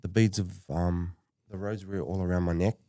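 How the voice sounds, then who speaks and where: A man from Western Sydney, a podcast guest telling a personal story in a halting way with many restarts. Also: sits low, steady tone, dark tone, no echo, studio quality. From Western Sydney, Australia.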